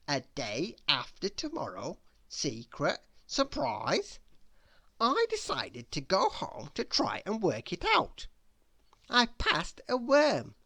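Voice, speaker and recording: A woman reads a children's bedtime story aloud in an expressive, first-person way. Her pitch swings widely as she goes, at a slow, unhurried pace. The recording is dry and close. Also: dry recording.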